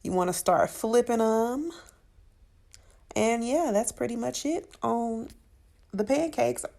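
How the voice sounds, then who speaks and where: A woman's voice: on the high side, takes it slowly, vocal fry, warm tone. A woman hosting a cooking channel, talking through her recipe in a sassy, chatty voice-over and calling her viewers honey and child.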